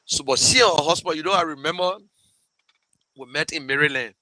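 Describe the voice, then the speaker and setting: Emotional Liberian man, bright forceful voice. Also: fairly high pitch, brisk, no echo, low-quality recording. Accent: Liberian English. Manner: emotional, rambling, with many restarts and thanks. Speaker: show host fundraising for a campaign. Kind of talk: casual live talk to viewers.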